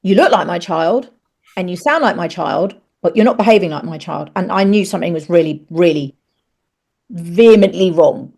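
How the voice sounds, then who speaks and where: A woman's voice: on the low side, moderate pace, creaky, a little mellow. A middle-aged woman and actress, a podcast guest who candidly tells a personal story, frankly swearing and acting out the dialogue in raised voices.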